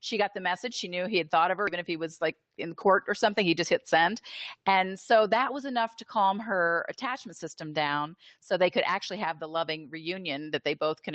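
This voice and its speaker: A woman being interviewed as a therapist, explaining in an animated, conversational way with filler words, over a video call. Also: on the low side, dry recording. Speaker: interview guest, attachment therapist.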